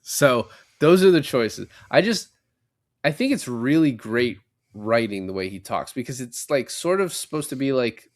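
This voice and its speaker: A young man talks through a movie plot on a casual podcast. He curses often and slips into quick impressions of the characters as he retells each scene. His voice sits at an ordinary middle pitch. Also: dry recording, clean studio sound. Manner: animated retelling, swears a lot, acts out lines. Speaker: podcast co-host. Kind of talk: casual movie recap chat.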